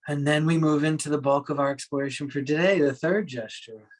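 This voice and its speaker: A man giving a dharma talk to his workshop group as a meditation teacher, speaking in a gentle, reflective way with soft laughs. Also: on the high side, brisk, rough recording.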